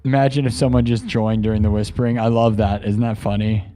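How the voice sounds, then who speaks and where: A man hosting a live stream, rambling excitedly to his chat. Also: lowish voice, fast talker.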